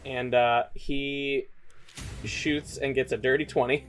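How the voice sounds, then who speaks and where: A man's voice: mid-range voice, little pitch movement, takes it slowly, slight background noise. A man narrating a tabletop game as game master, casual and laughing, swearing freely.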